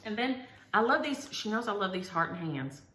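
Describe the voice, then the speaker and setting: A woman's voice: mid-range voice, sing-song, normal speed, bright, forceful tone. A woman hosting a chatty show-and-tell video, gushing over each item and talking straight to her viewers. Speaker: host. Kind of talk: casual show-and-tell chat. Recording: roomy echo.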